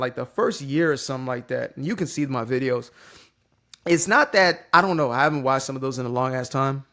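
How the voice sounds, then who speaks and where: Male content creator, slightly high-pitched, loose and playful, pep talk straight to camera. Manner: animated, joking, swears casually. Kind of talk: unscripted motivational monologue. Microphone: facing a ring light on camera.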